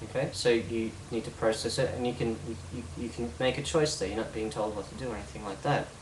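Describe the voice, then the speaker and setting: A man's voice: medium pitch, fairly even intonation, fast talker, reverberant, distant mic, noisy background. A man teaching hypnosis techniques in an instructional video, explaining step by step and checking in with rhetorical questions.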